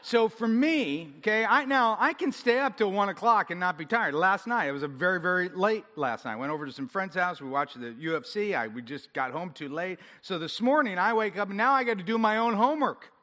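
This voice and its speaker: A man preaching a sermon to a congregation, animated and self-deprecating, getting the audience to join in. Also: high-pitched, fairly quick, few pauses. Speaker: pastor. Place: large church hall. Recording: long hall reverb.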